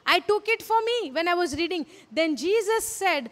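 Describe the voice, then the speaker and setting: A woman with an Indian English accent and an extremely high, animated voice preaches a sermon at a moderate pace with hardly any pauses. Earnest and repetitive, she keeps asking her listeners questions, and the recording has hall reverb.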